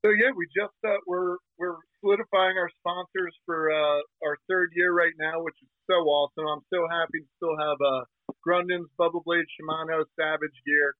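A man's voice: fairly high pitch, steady tone, dry recording. Brash man on a tinny phone line. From New Jersey. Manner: brash, slangy, talks in quick bursts. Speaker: guest, fishing TV host. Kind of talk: casual interview.

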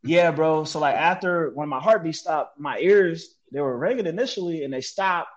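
Animated, slangy man telling a story. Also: fairly high pitch, normal speed, lo-fi sound. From United States. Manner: animated, relives events, mimics sounds, slangy with frequent "like" and "bro". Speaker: guest, military veteran. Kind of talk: conversational storytelling in an interview.

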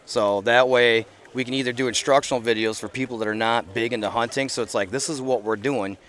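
A middle-aged man talks at an ordinary pitch for his age and sex in a casual podcast chat, recorded outdoors at an event. He speaks earnestly and rambles, with many fillers and restarts. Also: steady tone, fairly quick, fairly bright tone. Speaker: podcast guest.

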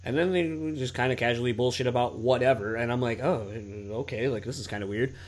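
Swearing thirty-something podcast host. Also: male voice, mid-range voice, a little fast. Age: 30s. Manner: swears freely, many "like" and "you know" fillers. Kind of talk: casual podcast chat.

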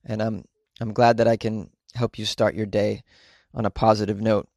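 A man's voice: on the low side, level tone, normal speed, creaky, a little mellow, no room sound, clean studio sound. A man hosting a comedy news podcast, chatting casually and joking while he reads out listener reviews and emails. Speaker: podcast host. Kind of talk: casual solo podcast chat reading listener mail. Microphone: home podcast mic.

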